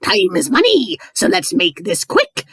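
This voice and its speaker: A woman voicing a greedy, gruff male crab boss in a pirate-like voice. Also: lowish voice, huge pitch swings, measured pace, fairly bright tone, dry recording, clean studio sound, heavily acted. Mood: scheming. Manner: pirate-like growl, pushy.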